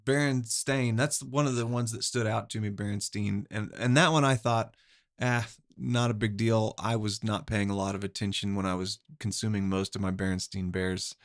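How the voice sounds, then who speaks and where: A middle-aged man from Oklahoma with an Oklahoma accent, hosting a podcast in a relaxed, meandering chat with easy chuckles. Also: fairly low pitch, brisk, hardly any pauses, no echo, clean studio sound. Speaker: podcast host. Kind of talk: casual chat.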